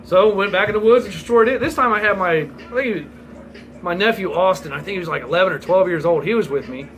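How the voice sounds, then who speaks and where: A man's voice: high-pitched, quick pace, fairly bright tone, slight background noise, rough recording. A man in his forties telling a rambling, profane story in a casual vlog, laughing as he goes. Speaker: vlogger.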